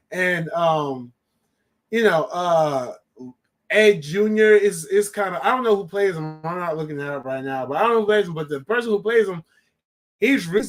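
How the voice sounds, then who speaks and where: Rambling high-voiced male reviewer. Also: fairly bright tone. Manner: rambling, with many fillers and restarts. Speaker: film reviewer. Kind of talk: casual spoken review.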